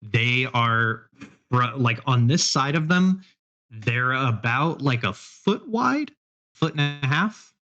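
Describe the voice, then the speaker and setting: Male game master, mid-pitch, rambling scene-setter, muffled stream mic. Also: sing-song, takes it slowly, bright, forceful tone. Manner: rambling, hedging descriptions with many fillers. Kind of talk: narrating a tabletop game. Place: live stream.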